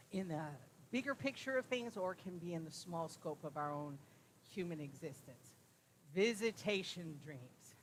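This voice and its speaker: A woman's voice: on the low side, slight background noise, poor audio. A woman giving a live talk on dreams to a room audience, speaking conversationally, sharing personal stories and checking in with tag questions.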